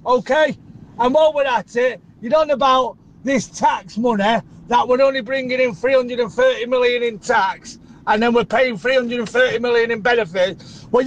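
A man's voice: very high voice, low-quality recording. A man calling a radio show, exasperated and lecturing. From Manchester. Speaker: caller.

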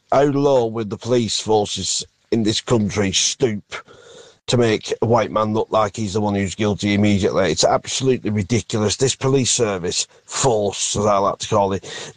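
A man's voice: on the low side, dry recording. A man from Wigan, calling in to a radio show, indignant and emphatic. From Wigan, England. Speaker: caller. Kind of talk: phone-in call.

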